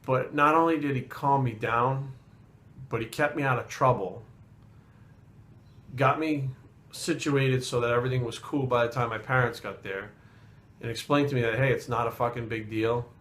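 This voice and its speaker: A man's voice: mid-range voice, moderate pace, long pauses, fairly bright tone. A man vlogging as a fitness trainer, telling a story in a casual, rambling way and swearing constantly. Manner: heavy swearing, rambling asides.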